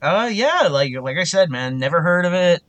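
A man's voice: high-pitched, big pitch swings, moderate pace, a bit bright. A man co-hosting a casual film podcast, who rambles with lots of "like" and swears freely. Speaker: podcast co-host. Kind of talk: casual chat.

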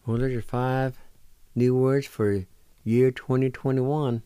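A man hosting a radio language lesson who patiently spells words out letter by letter and sounds out each syllable, gently encouraging learners not to give up. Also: medium pitch, steady tone, takes it slowly, clean tone, no room sound. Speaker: radio host teaching language.

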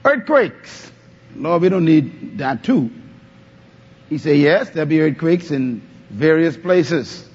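A man's voice: on the high side, animated, slow pace, darkish tone, slightly rough. A male pastor preaching a sermon, calling on the congregation to answer back. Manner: call-and-response preaching, asks the congregation to answer. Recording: dull lo-fi sound.

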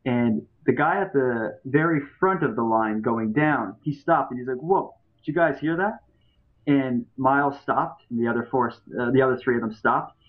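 A man's voice: mid-range voice, normal speed, hardly any pauses. A man, a podcaster appearing as a guest, telling a story in casual chat with lots of fillers and restarts. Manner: rambling, many fillers and restarts. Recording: tinny phone-like line.

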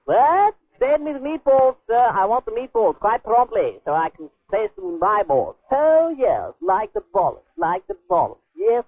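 A man's voice: sits high, very animated, moderate pace, few pauses. A man on a prank phone call, putting on a pompous, mock-formal character who rants and demands. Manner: mock-formal, then ranting and shouting. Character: pompous self-proclaimed famous musician demanding meatballs. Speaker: prank caller. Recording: tinny phone line.

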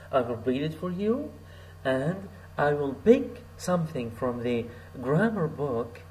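Slow patient man teaching a lesson. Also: mid-range voice, a little mellow, slight background noise, poor audio. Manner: slow, patient, repeats phrases, many fillers. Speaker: Arabic teacher. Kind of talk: recorded language lesson.

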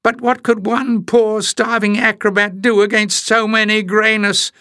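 A puny male acrobat from a storybook, with a thin, very high voice that quavers and whines. He sounds pitiful and cringing, in a dry, close reading. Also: flat delivery, measured pace, sharp tone, no echo. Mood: wailing.

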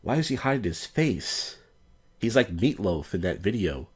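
A man's voice: low-pitched, big pitch swings, normal speed, a little mellow, husky. A man streaming crude, rambling commentary over video clips.

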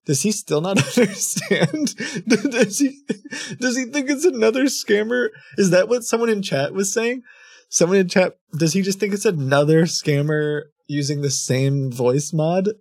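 A man's voice: sits high, unhurried, a little mellow, no echo, studio quality. A man streaming a scam-baiting call, amused and reading out chat and messages. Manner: amused, reads chat aloud.

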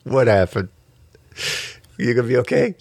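A man's voice: medium pitch, sing-song, noisy background. A male podcast host in casual chat, playful and teasing. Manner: playful, teasing, quick to laugh.

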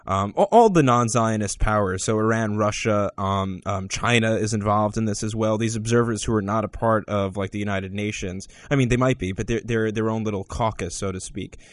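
A man hosting a talk podcast, rambling through stories with many restarts and sudden upward jumps in pitch. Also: fairly quick, few pauses. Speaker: podcast host. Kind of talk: casual opinion talk.

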